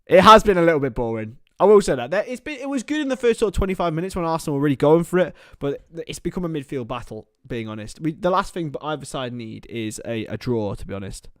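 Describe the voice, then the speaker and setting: Young male streamer, bouncy higher voice, chatty and jokey, dry close sound. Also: very animated, quick pace, few pauses, no echo. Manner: chatty, jokey, addresses viewers as lads. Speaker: livestream host. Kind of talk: casual football watchalong chat.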